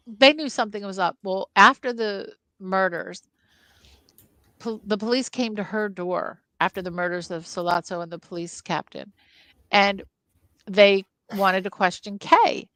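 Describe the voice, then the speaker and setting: A woman co-hosting a casual film podcast, retelling book scenes with lively storytelling. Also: mid-range voice, measured pace, no echo. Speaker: film club podcast co-host.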